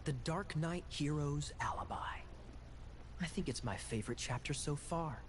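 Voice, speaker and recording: A man voicing a sly, playful young knight in a game, smooth and mocking. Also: fairly high pitch, moderate pace, noisy background, natural voice. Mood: teasing. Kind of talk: game voice acting.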